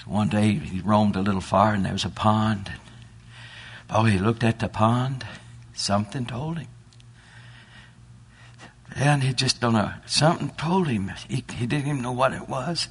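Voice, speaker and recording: A man preaching a sermon, telling a folksy animal story and building toward loud exhortation. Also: lowish voice, a little slow, long pauses, breathy edge.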